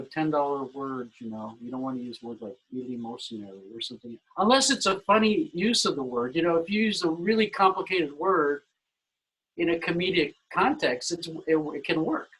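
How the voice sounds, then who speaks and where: A man with a fairly high, husky voice talks through songwriting craft as a guest on a video call webinar. His explanations are loose and conversational, full of "you know" fillers. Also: a bit bright, poor audio. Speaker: musical director, guest expert.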